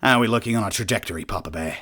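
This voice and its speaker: A gruff, foul-mouthed starship captain under pressure, as a man plays him. He swears through everything, and his low voice barks orders in a storybook crisis. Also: rapid-fire, pushed and bright. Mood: exasperated.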